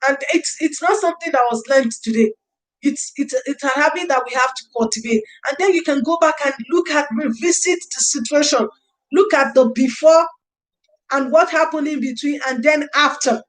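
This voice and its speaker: A woman's voice: high-pitched, moderate pace, low-quality recording. A woman hosting a casual parenting livestream, reading out viewer comments, thanking viewers by name and giving earnest advice with repeated phrases. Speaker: livestream host. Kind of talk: casual livestream talk on early years parenting.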